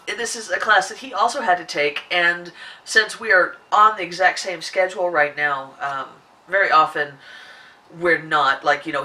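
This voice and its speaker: A woman hosting a podcast in casual chat, her voice husky and hoarse from a sore throat, rambling with many restarts. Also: bright, forceful tone, distant mic. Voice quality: husky, deeper than usual. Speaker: podcast host.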